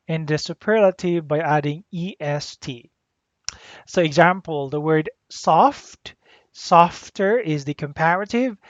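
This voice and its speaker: A teacher giving a grammar lesson, deliberately spelling out letters and repeating the rules. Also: medium pitch, no room sound. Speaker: English teacher. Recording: dull lo-fi dry recording.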